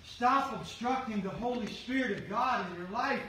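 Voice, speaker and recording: A middle-aged man preaching a sermon as pastor, fervently shouting his exhortations to the congregation. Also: extremely high pitch, moderate pace, hardly any pauses. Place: church sanctuary. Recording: echoey sanctuary from far off with faint hum.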